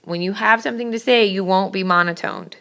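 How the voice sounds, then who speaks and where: A woman teacher delivers a brisk, emphatic classroom lecture on public speaking, occasionally scolding her students. Her mid-range voice has vocal fry and a sharp tone.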